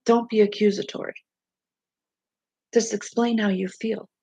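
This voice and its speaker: A woman life coach, unwell, giving steady self-help advice from her bed into a laptop mic. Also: mid-range voice, a little slow, slightly rough, dry recording. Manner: steady, instructive, reading from notes. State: unwell, low energy. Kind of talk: casual self-help talk. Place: bed at home.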